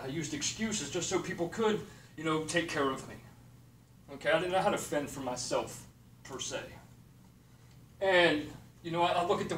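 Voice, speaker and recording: Man, high voice, blunt and profane motivational rant, recorded from a distance with a faint hiss behind. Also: a bit bright. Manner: blunt, profane, repeats "okay" and "period". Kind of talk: motivational monologue. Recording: echoey room, distant mic, faint noise.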